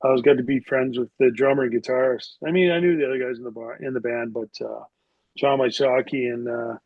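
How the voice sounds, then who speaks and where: A man's voice: medium pitch, fairly even intonation, a little fast, dry recording. Middle-aged man, podcast guest, rambling casual storytelling, lots of fillers, dull lo-fi sound, dry. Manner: rambling, with many filler words. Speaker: podcast guest, former hockey player.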